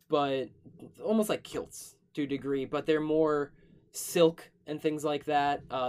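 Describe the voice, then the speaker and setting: A man narrating a tabletop game as game master, describing scenes at length and often pausing on fillers. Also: on the high side, clear, resonant tone.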